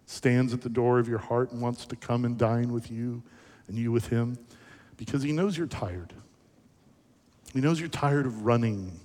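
Man preaching a lively sermon. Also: medium pitch. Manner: animated, conversational storytelling with questions to the audience. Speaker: pastor. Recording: echoey hall reverb.

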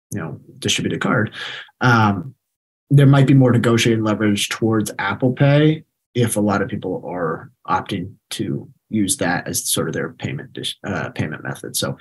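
A man co-hosting a casual podcast, talking hesitantly and trailing off softly. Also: fairly low pitch, breathy edge, poor audio. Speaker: podcast co-host. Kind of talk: casual investing discussion.

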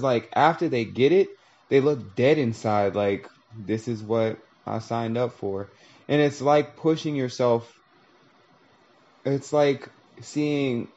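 A man's voice: medium pitch, a little mellow, muffled recording. A man talking through a long, reflective monologue, casual and profane, acting out little voices as he tells a story.

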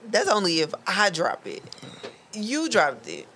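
Woman, blunt casual podcast banter, animated pitch, faint noise. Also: unhurried.

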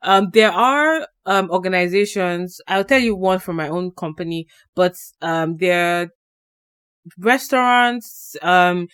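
A woman's voice: fairly low pitch, clean tone, no echo. Chatty young woman co-hosting a podcast. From Canada, living in Ontario. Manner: chatty, explains at length with many fillers. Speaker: podcast co-host. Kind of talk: casual podcast chat.

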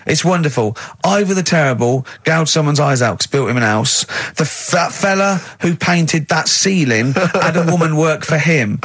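A man's voice: a little high, lively intonation, moderate pace, few pauses, fairly bright tone, breathy edge, dry recording. A man hosting a radio show, teasing his co-hosts in casual studio banter and laughing often. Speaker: radio host.

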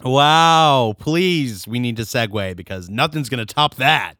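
A man's voice: mid-range voice, animated, a little fast, bright, forceful tone, dry recording, studio quality. A young man co-hosting a podcast, teasing his friend in a playful, crude way. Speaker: podcast co-host. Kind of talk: casual banter.

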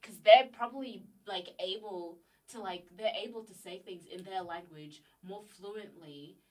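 A young woman chatting casually, often pausing to search for her words. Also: mid-range voice, low-quality recording. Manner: hesitant, searches for words, many fillers. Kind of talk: casual chat.

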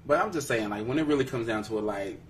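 A man hosting a relaxed podcast chat, with a voice of middling pitch that breaks into laughter and playful teasing. He sits a little back from the mic, and a faint hiss sits under the recording. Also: recorded from a distance. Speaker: podcast host. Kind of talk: casual chat.

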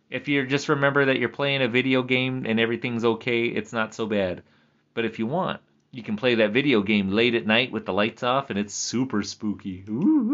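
Rambling, jokey man, lo-fi audio. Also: a bit bright. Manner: chatty, laughs often, jokey pitch swings. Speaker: vlogger. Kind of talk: casual rambling monologue. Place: at home.

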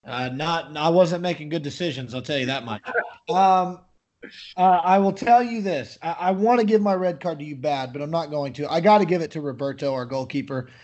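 A man's voice: on the high side, moderate pace, a little mellow, lo-fi sound. An American man hosting a casual sports podcast, teasing his co-host and joking, with lots of hesitant fillers.

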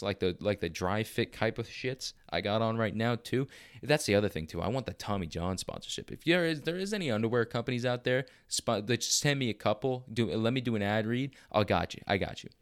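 A man's voice: on the low side, expressive, brisk, clean tone. A man in his twenties hosting a podcast, talking in a blunt, profane, rambling rant. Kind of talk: casual ranting monologue.

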